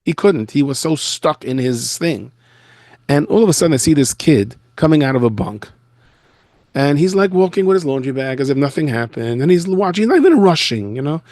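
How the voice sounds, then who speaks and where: A man, a rabbi, giving a storytelling lecture from his office in a school, telling stories in an animated way. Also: fairly high pitch, a little fast, no room sound. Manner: animated storyteller who acts out the people he quotes.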